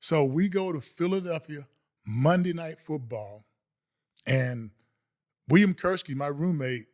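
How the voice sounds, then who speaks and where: Brief: middle-aged male guest, a former football player, raised voice, animated storyteller who laughs through his anecdotes. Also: on the high side. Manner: animated, laughs often, acts out quoted voices. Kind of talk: casual storytelling.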